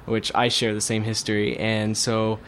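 A man's voice: on the low side, monotone, normal speed, fairly bright tone. Young male musician, loose rambling interview talk, faint hiss behind. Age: young adult. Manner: rambling, full of fillers and restarts. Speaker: band guitarist and songwriter. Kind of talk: casual interview chat. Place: radio studio.

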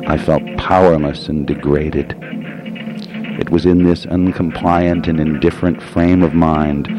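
A man with a very low voice narrates a literary audiobook, slow and measured. His reading stays somber and brooding. Music plays clearly beneath him. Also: poor audio.

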